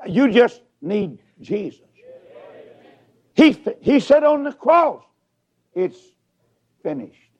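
A male preacher giving a revival sermon, swinging from shouted peaks down to low mutters as he tells stories. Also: sing-song, slow, long pauses. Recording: dull lo-fi sound.

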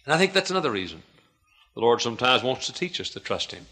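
A man preaching a sermon as pastor, swinging from hushed, quiet lines to loud, shouted climaxes. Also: mid-range voice, big pitch swings, fast.

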